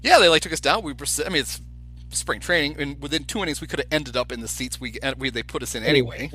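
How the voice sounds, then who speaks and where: His voice a little high with a breathy edge, this podcast co-host speaks quickly over faint music, acting out the quoted figures as he tells a story in casual chat.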